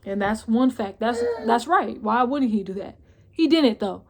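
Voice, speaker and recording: A young woman recounting a family drama to her camera in a casual storytime vlog. She talks bluntly and swears freely, her voice sits a little higher than usual, and she sounds emotional, at times close to tears. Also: lively intonation, measured pace, vocal fry. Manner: blunt, profane storytelling with "boom, boom, boom" asides. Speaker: vlogger.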